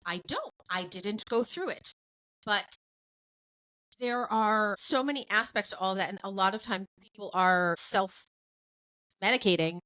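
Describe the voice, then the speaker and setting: A woman's voice: mid-range voice, a little slow, pauses often, sharp tone, poor audio. A woman in her forties hosting a podcast, talking bluntly and animatedly and laughing often. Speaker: podcast host. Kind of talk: casual podcast chat.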